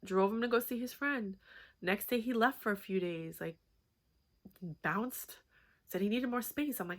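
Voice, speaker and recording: A woman's voice: fairly high pitch, normal speed. A woman in her thirties telling a personal story in a candid, rambling vlog, full of fillers and swearing. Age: 30s. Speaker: vlogger.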